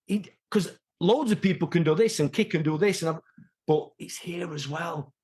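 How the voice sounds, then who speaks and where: A man, an interview guest and martial artist, talking casually and telling animated stories from his past. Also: on the high side, moderate pace, breathy edge. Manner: animated storyteller, acts out quoted voices. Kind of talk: casual conversational storytelling.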